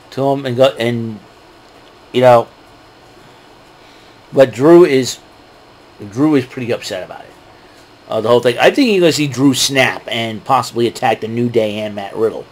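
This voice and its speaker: A man's voice: medium pitch, moderate pace, long pauses. A man casually recapping wrestling events, rambling with fillers and chuckling at his own jokes. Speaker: wrestling show recap host. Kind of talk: casual solo recap talk.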